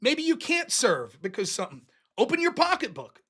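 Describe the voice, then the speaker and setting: A man's voice: very high-pitched, wildly swooping pitch, normal speed, fairly bright tone. A man hosting his own political commentary show, delivering a sarcastic, profane, combative solo rant and mocking his opponents.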